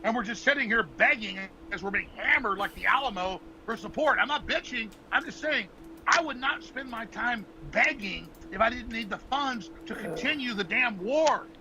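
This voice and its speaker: A gravelly man who rants at a strained, raised pitch, pleading with his listeners in a repetitive, swearing torrent. The recording carries noticeable background hiss. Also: expressive, normal speed, bright, forceful tone, rough recording. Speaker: host. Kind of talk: impassioned ranting monologue.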